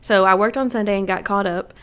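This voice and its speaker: A woman from Illinois co-hosting a casual podcast, talking in a relaxed, rambling, slightly hesitant way. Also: mid-range voice, quick pace, clear, resonant tone. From Illinois, USA. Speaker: podcast co-host. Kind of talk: casual chat.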